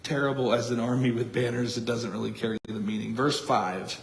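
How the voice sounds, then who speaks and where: A man's voice: mid-range voice, steady tone, a little fast, few pauses. A man preaching as pastor in a church, earnest and thinking aloud, often repeating words as he goes. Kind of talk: expository sermon. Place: church sanctuary. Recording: echoey church room.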